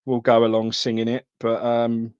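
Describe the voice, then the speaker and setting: A man's voice: mid-range voice, completely flat delivery, moderate pace, a little mellow, clear, resonant tone, no room sound, lo-fi sound. A man hosting a live trading card stream, chatting casually and calling viewers mate.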